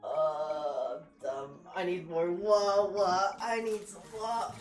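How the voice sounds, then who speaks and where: A lowish, steady, slow voice belongs to this virtual streamer talking live to her audience. She is flustered and apologetic, teases herself and often exclaims, recorded in an echoey room with faint background music.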